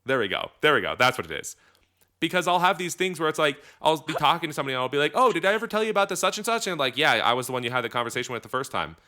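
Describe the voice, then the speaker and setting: A man's voice: medium pitch, animated, very fast, sharp tone. A man co-hosting a casual podcast chat, rambling and correcting himself as he goes, laughing often. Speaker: podcast co-host.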